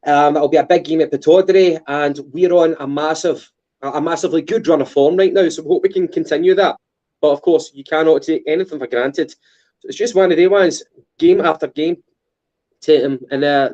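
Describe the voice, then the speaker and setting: A man's voice: on the high side, fairly quick, darkish tone, highs cut off. A Scottish man co-hosting a casual football podcast, hesitant with many fillers and restarts. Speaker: podcast co-host.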